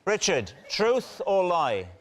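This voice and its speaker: A man hosting a comedy panel show, brisk and playful as he steers the guests. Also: sits high, huge pitch swings, heavy background noise. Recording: TV studio with loud audience laughter.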